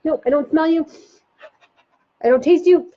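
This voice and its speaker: Woman doing a squeaky playful puppy. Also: normal speed, natural voice. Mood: goofy. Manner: high, sing-song, goofy. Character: playful sniffing little puppy searching for a kid. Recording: dull lo-fi sound.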